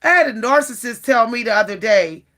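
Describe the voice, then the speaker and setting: Bright, animated woman venting to camera. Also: on the high side, brisk. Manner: animated, exasperated, often repeats herself and addresses viewers directly. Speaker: vlogger. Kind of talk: casual talk to camera.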